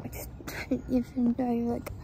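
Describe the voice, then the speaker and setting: A woman's voice: a little high, completely flat delivery, unhurried, dark tone, low-quality recording. A young woman chatting casually in a vlog, rambling and often dropping into a whisper. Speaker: vlogger. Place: at home and outdoors. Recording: background noise.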